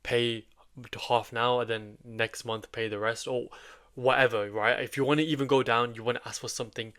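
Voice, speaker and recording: A British man giving a casual sales and software tutorial, chatty and loose, often checking in with "right?" and "okay?". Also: mid-range voice, fairly even intonation, moderate pace. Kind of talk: casual instructional talk.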